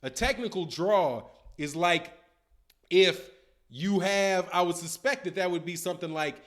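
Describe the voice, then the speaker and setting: A man in his fifties hosting a boxing livestream, talking in slangy, animated casual commentary and answering viewer chat. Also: high-pitched, unhurried. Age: 50s. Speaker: boxing channel host.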